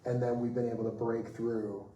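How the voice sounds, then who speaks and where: A man of middle pitch tells stories on a festival panel, lively and expressive, slipping into the voices of the people he quotes. He sits some way from the mic, and the room around him rings with echo. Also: brisk, distant mic, highs cut off. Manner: animated, acts out quoted voices, laughs mid-story. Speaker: comics writer on a festival panel. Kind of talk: anecdotal storytelling on a panel.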